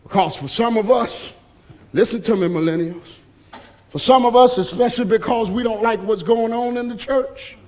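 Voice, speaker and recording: High-voiced, emphatic man preaching. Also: moderate pace, a little hiss or hum. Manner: emphatic, call-and-response, bursts into shouting. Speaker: pastor. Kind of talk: sermon.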